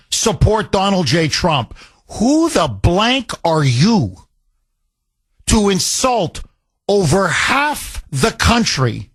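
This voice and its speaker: A male talk radio host in full indignant monologue, his voice pitched high and swinging widely as he hammers home each rhetorical question. He takes his time, leaning hard on every word. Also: fairly bright tone, husky.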